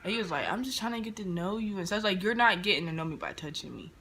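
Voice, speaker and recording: Bright-voiced young woman telling a story. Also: medium pitch, rapid-fire, slight background noise. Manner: animated, slangy retelling with quoted dialogue. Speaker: vlogger. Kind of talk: casual storytime. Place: indoors near a street, car noise outside.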